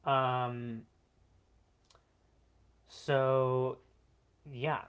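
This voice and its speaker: Vlogger telling a personal story, chatty, lots of likes and ums, earnest. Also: mid-range voice. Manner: chatty, frequent "like" and "um" fillers; earnest, emotional retelling.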